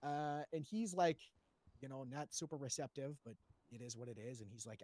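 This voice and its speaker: This man's pitch is medium and his tone darkish, and he speaks expressively at a normal speed on a dry recording. He's a roleplay player giving testimony to a panel, recounting events in a profane, meandering way full of fillers and false starts.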